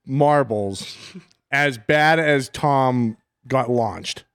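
A man's voice: mid-range voice, very slow, fairly bright tone, clear, resonant tone, no echo. A man co-hosting a casual chat show, telling stories and acting out quotes. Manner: chatty storyteller, acts out quotes. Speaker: podcast co-host.

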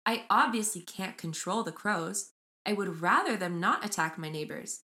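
A young woman co-hosting a casual podcast, chatting and reading a story aloud with lively mimicry of voices. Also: on the low side, normal speed. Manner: animated, mimics voices when retelling. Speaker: podcast co-host.

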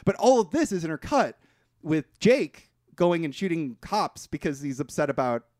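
A man talks through a film's plot for his podcast, his pitch swinging up and down as he gets into the story. He swears casually and trips over his own restarts. The sound is dry and close, with no room around it. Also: normal speed, no room sound. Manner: animated retelling, swears freely, frequent restarts. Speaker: podcast co-host. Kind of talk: casual movie recap chat.

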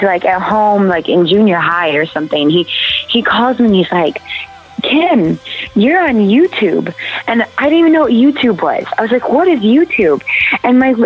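A woman in her thirties, a worship leader, telling a story in a casual interview with an earnest, animated manner. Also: muffled recording. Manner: earnest, animated, acts out quotes in high voices.

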